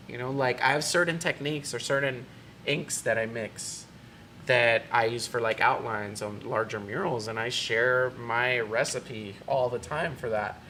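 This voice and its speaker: A man's voice: medium pitch, fairly even intonation, unhurried, pushed and bright, slight background noise. A man guest on a casual podcast, a muralist who talks in a laid-back, rambling way full of fillers. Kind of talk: casual chat.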